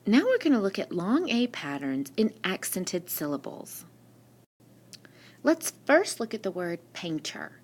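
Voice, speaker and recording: A woman's voice: medium pitch, huge pitch swings, a little mellow. A woman teacher giving a recorded spelling lesson, patiently asking questions and answering them herself. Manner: slow, patient, asks and answers her own questions. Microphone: screen-recording mic.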